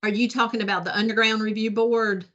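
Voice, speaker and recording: A woman at a meeting who answers a question slowly and helpfully, hesitating as she goes. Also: fairly high pitch, level tone, a bit bright. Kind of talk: casual meeting talk. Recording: dull lo-fi meeting recording.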